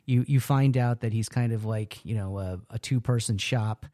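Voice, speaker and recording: A man co-hosting a casual podcast chat. His voice has a mellow, rounded tone and sits in a plain middle pitch. He rambles, trailing off and restarting sentences, in a dry close-miked sound. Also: normal speed, no room sound. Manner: rambling, many restarts and asides. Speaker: podcast co-host. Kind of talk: casual chat recapping a TV episode.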